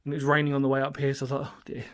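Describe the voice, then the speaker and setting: This man speaks in a mid-range monotone, firing words out rapidly. He's exploring a little brick bunker underground in woodland by himself, chatting away to his viewers with rambling enthusiasm for a laid-back solo vlog.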